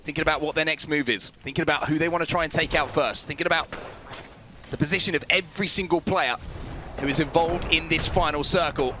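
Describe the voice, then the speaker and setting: A man's voice: fairly high pitch, fairly even intonation, quick pace, noisy background. A man commentating an esports match, building suspense and adding wry asides. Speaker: esports caster. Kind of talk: play-by-play commentary.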